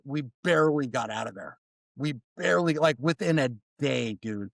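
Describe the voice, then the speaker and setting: A man telling a story as a podcast guest in a casual, animated way, mimicking other people and swearing freely. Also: fairly high pitch, normal speed, vocal fry, no room sound. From United States.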